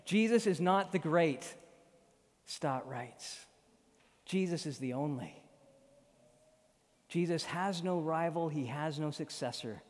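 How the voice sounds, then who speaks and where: A man's voice: fairly high pitch, expressive, slow, pauses often. A male pastor preaching a sermon on a Sunday morning, emphatic and rhythmic, building through repeated phrases. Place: church sanctuary. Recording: long hall reverb.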